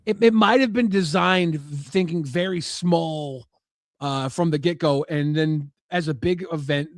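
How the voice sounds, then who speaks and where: A man co-hosting a podcast, talking in a relaxed way and stumbling through repeated restarts. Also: fairly high pitch, unhurried, no echo, studio quality. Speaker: podcast co-host. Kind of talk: casual podcast chat.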